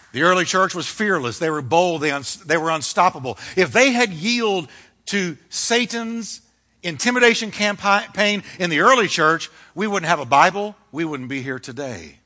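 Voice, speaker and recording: Male pastor, high bright voice, fiery emphatic sermon delivery. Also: lively intonation, measured pace, a faint crowd. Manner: fiery, emphatic preaching with dramatic shifts.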